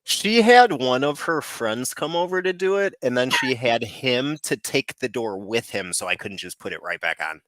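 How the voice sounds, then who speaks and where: Casting: rambling male guest with a lively, swooping voice, dry close mic. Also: medium pitch, normal speed, hardly any pauses, no room sound. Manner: rambling, filler-heavy, animated storytelling. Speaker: guest, cannabis YouTuber. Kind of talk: casual storytelling chat.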